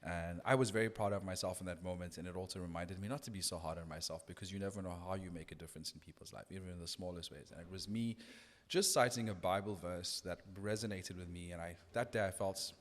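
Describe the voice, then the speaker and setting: An earnest man recounts a story at a thoughtful pace. His voice sits low, and the room leaves a long reverb trail behind each phrase. He restarts his sentences often as he reflects. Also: fairly even intonation, quick pace, few pauses. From South Africa. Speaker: radio DJ guest. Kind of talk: casual podcast conversation.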